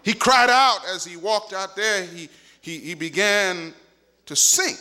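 A male preacher delivering a sermon in an emphatic, repetitive way that rises at times to shouting. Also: high voice, unhurried.

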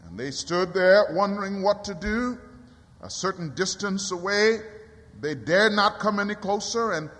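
A man preaching a sermon in a church, swinging from quiet low passages to high cries. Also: animated, unhurried. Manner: dramatic rising cries and quiet drops. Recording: long hall reverb.

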